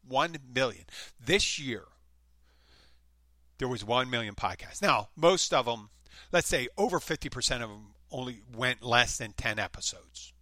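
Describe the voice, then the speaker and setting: A man's voice: mid-range voice, pushed and bright, dry recording. A man from the United States, hosting his own podcast in a casual, rambling monologue full of restarts and self-corrections. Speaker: podcast host.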